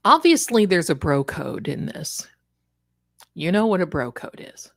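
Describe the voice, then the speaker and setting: A woman hosting a casual livestream, talking in an animated, emphatic way and speaking straight to her viewers from an indoor room. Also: on the low side, a little slow, vocal fry, dry recording, studio quality. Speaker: livestream host.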